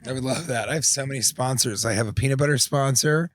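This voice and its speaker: An American man in his forties chatting as a podcast guest, rambling through stories with animated impressions. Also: medium pitch, fast, no room sound, studio quality. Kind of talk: casual chat.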